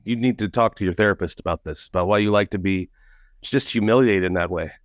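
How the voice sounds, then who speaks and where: A man co-hosting a casual sports podcast as a beat reporter, teasing his colleague in an animated way. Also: on the low side, fast talker, no echo, studio quality.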